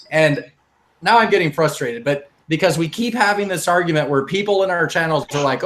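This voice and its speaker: A man's voice: fairly high pitch, expressive, normal speed, fairly bright tone. A man hosting a casual podcast discussion, arguing heatedly and emphatically. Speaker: podcast host.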